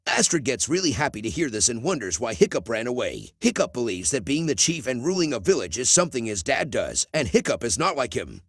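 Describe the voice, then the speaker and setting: Male voice-over narrator for a movie recap, lively delivery, dry booth sound. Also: mid-range voice, dry recording. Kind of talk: scripted narration.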